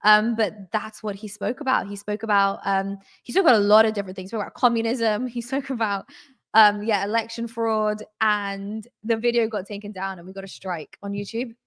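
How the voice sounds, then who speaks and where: A woman's voice: medium pitch, steady tone, brisk, fairly bright tone. A woman guest in casual talk, speaking emphatically with strings of rhetorical questions.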